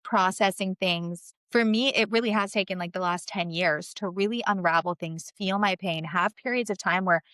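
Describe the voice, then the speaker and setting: Earnest mom from russia cohosting a podcast, mid pitch, rambly fillers. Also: female voice, moderate pace, few pauses, no echo. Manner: earnest, warm, many fillers like "like" and "you know". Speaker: podcast co-host, mother. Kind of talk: casual podcast chat.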